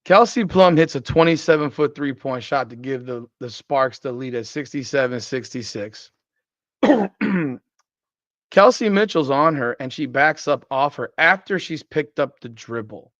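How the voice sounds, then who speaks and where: A man's voice: mid-range voice, lively intonation, measured pace, fairly bright tone, no echo. A man hosting a podcast, giving blunt, profane, exasperated post-game basketball commentary. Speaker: podcast host. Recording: dry, slightly dull lo-fi sound.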